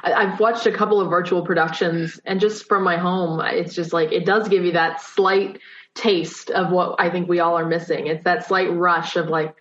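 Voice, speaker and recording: A young woman chats casually over a video call, her speech sprinkled with "like". Her voice sits a little low for a woman. The audio is dull and lo-fi. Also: flat delivery, moderate pace, fairly bright tone, slight background noise. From Southern California. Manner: chatty, many "like" fillers. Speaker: theater teacher.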